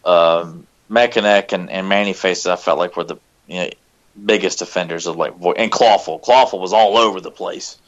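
A man co-hosting a casual podcast chat, animated, restarting his sentences as he talks. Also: low voice, moderate pace, muffled recording. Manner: animated, repeats words when starting sentences. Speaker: podcast co-host.

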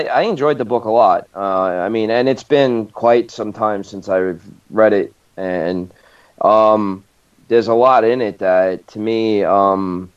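A man's voice: lowish voice, clear, resonant tone. A man co-hosting a casual podcast chat, rambling with many fillers and restarts. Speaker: podcast co-host. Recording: distant, dull lo-fi mic.

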